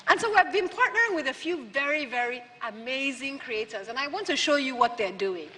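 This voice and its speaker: A woman's voice: high voice, lively intonation, brisk, sharp tone, a little hiss or hum. A woman giving a conference speech, punchy and rhetorical with lots of repetition. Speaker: keynote speaker. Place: large conference hall. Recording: hall reverb from the PA.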